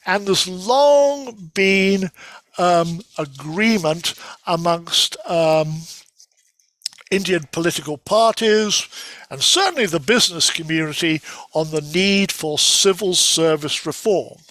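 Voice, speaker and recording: A man's voice: high voice, slow, a bit bright, no room sound. A man giving a casual lecture from slides, talking conversationally with many fillers and restarts.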